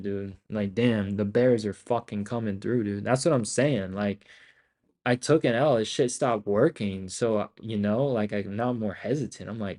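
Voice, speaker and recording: A young man giving casual, profane, excitable commentary while trading live, often talking to himself. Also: lowish voice, moderate pace. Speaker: day trader streaming live.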